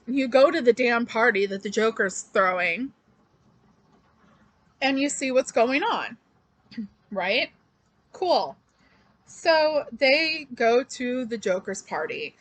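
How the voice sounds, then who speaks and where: A woman's voice: on the high side, a bit bright. A woman reviewing comics in a casual, rambling recap, full of fillers and restarts. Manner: chatty and loose, with many fillers and restarts.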